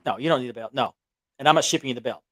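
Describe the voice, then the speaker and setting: Racing along in a medium-pitched, fairly bright voice, a belt collecting show co-host tells a meandering story with many restarts and chuckles. He's at a small-town home on a remote call with audio delay, and the recording is dry.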